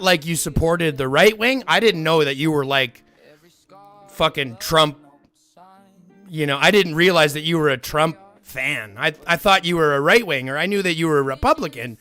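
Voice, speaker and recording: A man's voice: high-pitched, a bit bright. A man live-streaming who answers viewer comments in a blunt, profane, argumentative way.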